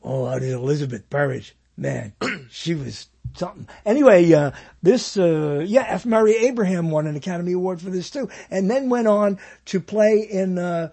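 A man's voice: high-pitched, lively intonation, moderate pace, vocal fry, mellow, husky. A man hosting a talk show in casual chat, rambling and trailing off mid-thought. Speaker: show host.

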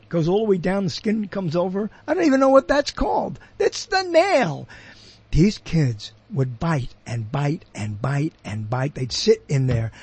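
An older man from Brooklyn rambles through a solo monologue as host of his own show. His voice sits high for a man and has a husky grain. He keeps drifting off topic, questioning and correcting himself, and the sound is close and dry. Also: dark tone, no echo. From Brooklyn, New York.

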